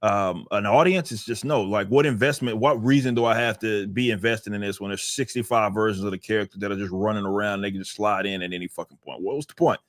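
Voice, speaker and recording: A man's voice: fairly low pitch, steady tone, quick pace, few pauses, no echo, studio quality. A man co-hosting a casual podcast, talking in loose, rambling runs and laughing often. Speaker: podcast co-host.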